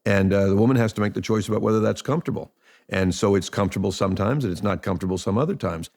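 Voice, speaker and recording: A male author interviews his guest and explains his ideas in a calm, measured way. His voice is low with a gravelly texture. He speaks reflectively.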